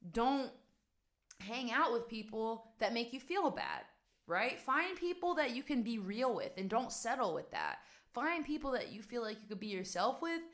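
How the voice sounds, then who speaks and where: A young woman from West Virginia, USA, with a mid-range, fairly bright voice talks casually to camera. As a vlogger and coach, she delivers an emphatic, chatty advice monologue packed with rhetorical questions.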